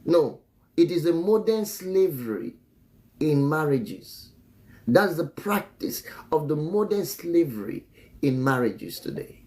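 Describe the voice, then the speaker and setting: A man's voice: fairly high pitch, big pitch swings, slow pace, a little mellow. A man teaching about marriage on a live stream in a preachy way. He repeats phrases and chuckles often between remarks. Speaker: relationship teacher and author.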